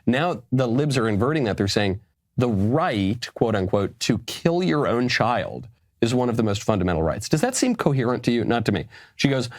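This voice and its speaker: A male commentator lectures with sarcasm. His pitch swings widely and his delivery is animated. The sound is dry and close. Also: normal speed, dry recording. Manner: sarcastic, lecturing, laughs at his own points. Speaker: political commentator. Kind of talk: political commentary clip.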